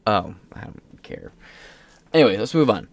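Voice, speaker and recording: A man's voice: lowish voice, sing-song, moderate pace, vocal fry. A young man hosting a casual commentary show, reading news aloud with rambling, profane asides and off-the-cuff remarks. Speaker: political commentary host.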